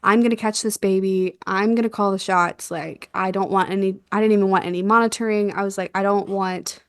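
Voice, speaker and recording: A young woman telling a birth story in a casual chat, animated and quick to laugh, acting out what was said. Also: medium pitch, clean tone, no echo, studio quality. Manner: animated, laughs often, acts out quotes. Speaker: guest, doula.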